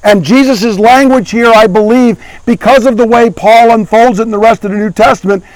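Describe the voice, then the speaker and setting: A man's voice: very high voice, brisk, no room sound, low-quality recording. A middle-aged man preaching a sermon as pastor, earnestly asking his congregation questions as he teaches.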